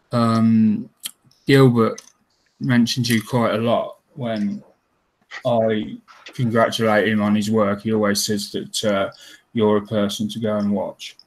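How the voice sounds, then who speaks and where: A man in a hobby hangout chat, talking hesitantly with many pauses and fillers. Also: mid-range voice, slight background noise, poor audio. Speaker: hangout participant. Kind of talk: casual chat.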